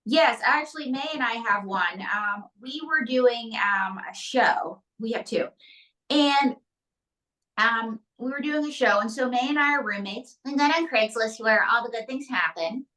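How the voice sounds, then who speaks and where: A woman ventriloquist chatting as an interview guest with a bright, fairly high voice. She tells quick, jokey stories, and her voice sounds a little distant from the mic. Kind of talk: comedic interview chat.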